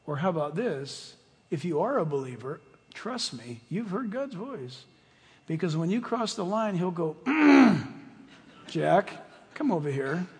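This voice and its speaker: Male pastor, very high voice, husky, sermon in a church, long reverb. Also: a little slow. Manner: animated, swings from loud to hushed.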